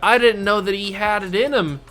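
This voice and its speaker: A man hosting a gaming channel, giving excitable play-by-play commentary on his own baseball video game, talking to himself and to the game as he plays. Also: sits high, normal speed, faint music behind.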